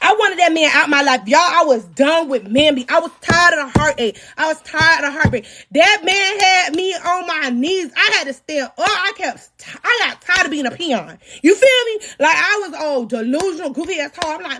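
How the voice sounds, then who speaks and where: Woman, high voice, blunt and profane, storytime vlog. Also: lively intonation, normal speed, few pauses, a little hiss or hum. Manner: blunt, profane, dramatic retelling with shouts.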